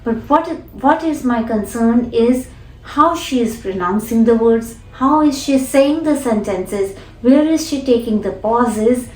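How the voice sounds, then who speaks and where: A woman English teacher explaining pronunciation deliberately, then repeating phrases to demonstrate. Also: on the high side, darkish tone, echoey room, recorded from a distance, rough recording. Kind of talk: spoken lesson with demonstration.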